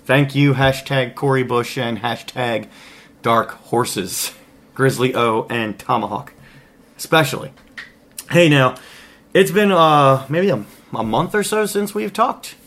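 A man's voice: mid-range voice, slow, fairly bright tone. Chatty laughing podcast host, man. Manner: laughing, rambling, self-interrupting. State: talking while eating. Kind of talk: casual podcast chat.

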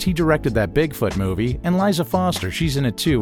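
A man telling a personal story in a casual, animated way, mimicking the voices of people he quotes and chuckling now and then. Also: medium pitch, moderate pace, hardly any pauses, soft background music.

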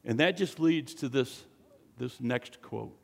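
A man preaching a sermon, building to loud, fervent peaks and joking between points. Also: mid-range voice, slow pace, vocal fry, big-room sound. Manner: preaching with dramatic swells, jokes and acted quotes.

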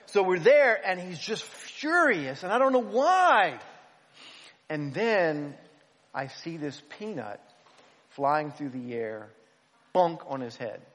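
A man, a pastor, telling a self-deprecating story in an animated, humorous way. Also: a little high. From United States. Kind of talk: storytelling sermon. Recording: long hall reverb.

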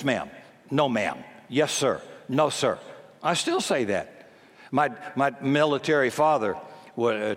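With a medium-pitched, slightly bright voice, a preacher in his 70s delivers a folksy, emphatic sermon, frequently performing the voices of those he quotes, all in a long-reverb hall.

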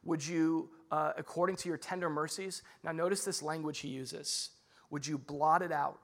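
A young adult man preaching a sermon as a pastor, talking casually and swinging between loud emphasis and soft, earnest passages. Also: a little high, fairly even intonation, moderate pace.

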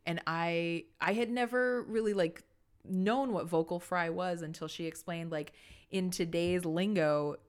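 A young woman co-hosting a podcast in casual chat, laughing often, with some vocal fry. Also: on the low side, measured pace. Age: young adult. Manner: laughs often, chatty with many fillers. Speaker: podcast co-host.

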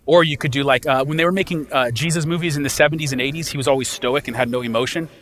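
A man's voice: mid-range voice, fast, hardly any pauses, a bit bright. A man preaching a sermon as a pastor, talking in a conversational way and often checking in with his listeners.

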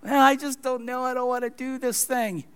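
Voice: high voice, steady tone, moderate pace, smooth, pitched above the performer's own voice, close to an everyday voice. A preacher doing a reluctant, hesitant Moses. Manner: hesitant, pleading. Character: Moses, reluctant man full of excuses. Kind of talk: sermon retelling.

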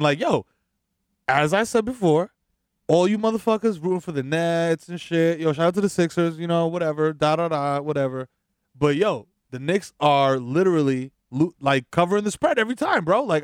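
A man's voice: a little high, dry recording, clean studio sound. A man chatting casually as a podcast co-host, rambling in slangy speech. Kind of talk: casual chat.

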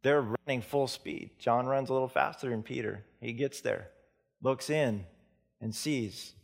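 Preacher, male, gravelly voice, earnest sermon delivery that drops soft and slow. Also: medium pitch. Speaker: pastor.

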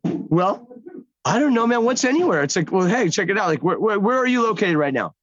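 Excitable older man rambling fast. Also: high-pitched, no room sound, highs cut off. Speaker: actor, guest. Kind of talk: casual chat. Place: outdoors by a lake.

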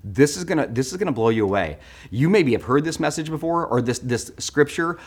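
Lively, joking man preaching a sermon. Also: fairly high pitch, brisk, slightly rough. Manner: animated and joking, swinging between loud and hushed. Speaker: pastor. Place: church.

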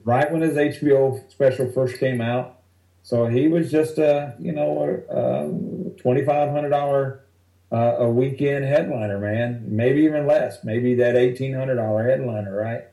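A male stand-up comedian telling rambling, animated stories from the road in a casual interview. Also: medium pitch, measured pace, vocal fry, reverberant, poor audio. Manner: animated, rambling anecdotes that act out other people's lines.

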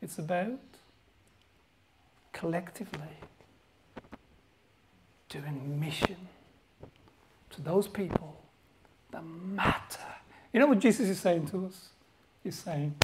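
Aussie pastor guy preaching, fired up, goes from shouting to whispering. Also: sits high, slow pace, long pauses, a little hiss or hum, low-quality recording. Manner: impassioned, swinging between shouts and hushed whispers. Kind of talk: sermon.

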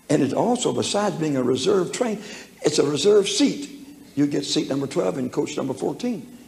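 A man's voice: on the high side, animated, moderate pace, creaky, darkish tone. A man preaching a storytelling sermon, folksy and humorous, chuckling as he talks, recorded in an echoey church hall. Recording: echoey hall with faint room noise.

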